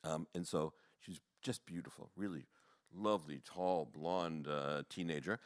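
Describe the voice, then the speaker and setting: A man, a rabbi, telling stories to an audience in a rambling, animated way, full of fillers and short laughs. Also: low-pitched, a little slow, no echo, studio quality. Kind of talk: storytelling talk.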